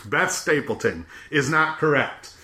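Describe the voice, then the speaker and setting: A man hosting a podcast, chatting casually and retelling scenes with animated laughter. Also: a little high, a little slow. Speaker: podcast host. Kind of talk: casual chat.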